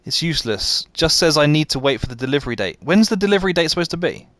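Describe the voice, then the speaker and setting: A man's voice: fairly high pitch, very animated, fast talker, fairly bright tone, no room sound. A man livestreaming a game, chatting with his viewers and laughing at himself. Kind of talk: live gameplay chat.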